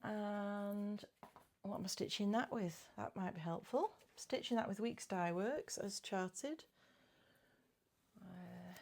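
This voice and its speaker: A woman's voice: mid-range voice, measured pace, a little mellow. A middle-aged woman chatting casually about her cross-stitch projects, giggly and often correcting her own words. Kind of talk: casual chat.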